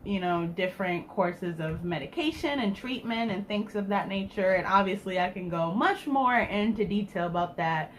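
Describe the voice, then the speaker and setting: A woman's voice: mid-range voice, moderate pace, few pauses, a little hiss or hum. A woman talking casually to her channel's viewers, speaking with a slight lisp in a chatty, rambling, frank way. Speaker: vlogger. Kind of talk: casual chat to camera.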